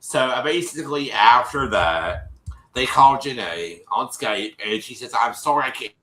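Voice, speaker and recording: A man's voice: medium pitch, animated, moderate pace, pushed and bright, reverberant, slight background noise, low-quality recording. A man co-hosting a casual livestream, retelling a TV episode in a rambling way and acting out the quotes. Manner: rambling, restarts often, acts out quotes. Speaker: co-host recapping a TV episode.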